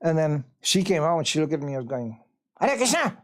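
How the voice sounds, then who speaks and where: A man giving an anecdotal temple talk as a visiting monk, an animated storyteller who acts out the voices of people he quotes. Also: on the high side, fast. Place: temple hall.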